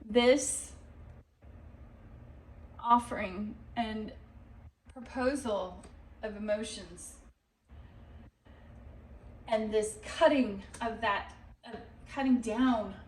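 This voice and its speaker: A woman gives a tarot reading in a loose, rambling way, swearing now and then. She talks slowly in a slightly high voice. She sits some way from the mic in an echoey room. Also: recorded from a distance. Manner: rambling, animated, swears and laughs. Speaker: tarot reader.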